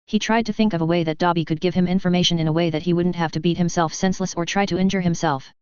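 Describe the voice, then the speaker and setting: Woman reading a story out loud, steady and even, super clean voice, kinda dull recording. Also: on the low side, rapid-fire, clear, resonant tone, dry recording. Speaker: narrator. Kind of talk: audiobook reading of fan fiction. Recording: dull, slightly muffled recording.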